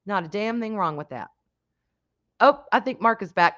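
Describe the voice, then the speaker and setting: A woman hosting a casual livestream, talking frankly with some swearing and greeting chat viewers with loud excitement. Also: mid-range voice, moderate pace. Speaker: livestream host chatting with viewers. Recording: dull lo-fi stream audio.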